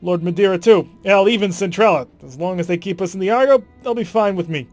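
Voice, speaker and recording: A man voicing a blunt, cheerful male mech technician in a game, talking loud and joking. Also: high-pitched, fast talker, faint music behind, lightly acted. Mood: upbeat.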